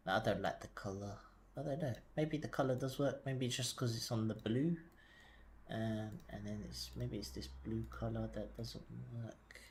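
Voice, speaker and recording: Quiet mumbling man thinking aloud. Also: lowish voice, steady tone, moderate pace, slight background noise. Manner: hesitant, thinking aloud with frequent fillers. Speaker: streamer. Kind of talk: casual live-stream commentary while working. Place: home desk. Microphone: desk mic, sometimes leaning back from it.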